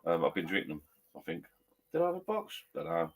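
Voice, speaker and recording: A man's voice: deep voice, wildly swooping pitch, fast. A man chatting casually with live viewers from his garden shed bar, rambling and correcting himself as he goes. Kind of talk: casual pub chat.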